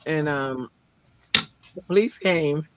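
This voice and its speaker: A man telling a story in a casual chat on a crafting show, animated and dramatic, acting out the people he quotes. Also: on the high side, slow, noisy background. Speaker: co-host of a crafting livestream.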